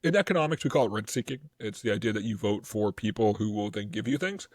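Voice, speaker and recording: A man co-hosting a casual history podcast, talking in an animated, rambling way with lots of fillers. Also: on the low side, fast talker, no room sound, studio quality. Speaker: podcast co-host.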